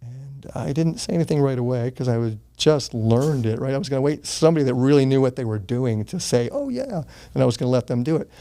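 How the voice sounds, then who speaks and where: A man in his sixties talks quickly with few pauses in a dark-toned, mid-range voice while telling a personal story as an interview guest. He's earnest and casual, curses casually, and occasionally gets choked up.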